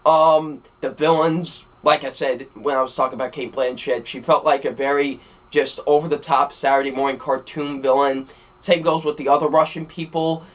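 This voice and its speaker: A man's voice: fairly high pitch, fairly even intonation, normal speed. A young man giving a casual spoken film review, rambling with many fillers and repeated phrases. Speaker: movie reviewer.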